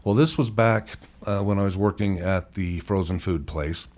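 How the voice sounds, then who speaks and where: A man in his fifties with a very low voice tells his story to a podcast host. He is candid and rambles a little, and he often laughs at himself as he talks. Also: normal speed, a little mellow. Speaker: podcast guest. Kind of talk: personal storytelling interview.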